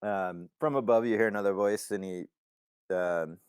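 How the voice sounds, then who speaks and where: A man's voice: on the low side, normal speed, clean tone, no echo. A man narrating as game master of a tabletop game, in a hesitant way with many fillers.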